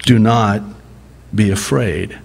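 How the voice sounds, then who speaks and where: A male pastor preaching a sermon, telling a Bible story with deliberate emphasis, rising sharply for dramatic quoted lines and chuckling now and then. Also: lowish voice, fairly even intonation, gravelly, a little mellow, breathy edge.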